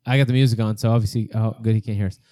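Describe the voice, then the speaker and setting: A man's voice: lowish voice, fairly even intonation, rapid-fire, warm tone, no echo, studio quality. A man hosting a casual podcast game, joking and laughing as he stumbles over words. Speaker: podcast host running a taste-test game.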